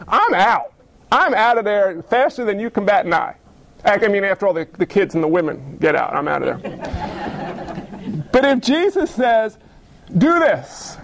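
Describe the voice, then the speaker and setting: A man with a high voice preaches in a folksy, conversational way. He slips into quick acted bits of dialogue as he makes his points to the congregation. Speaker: pastor. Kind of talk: sermon.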